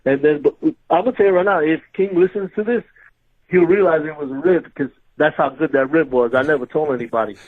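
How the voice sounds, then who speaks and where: A man with a husky, somewhat high voice tells wrestling stories over a tinny phone line. He talks in an animated way, laughing through his tales. A relaxed interview guest. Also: fast talker. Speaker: former pro wrestler, guest. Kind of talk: casual storytelling interview.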